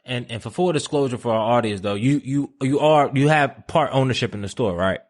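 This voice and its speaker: A man hosting a podcast, chatting casually and excitably, full of slang like man and bruh. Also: medium pitch, a little fast. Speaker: podcast host. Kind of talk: casual interview chat.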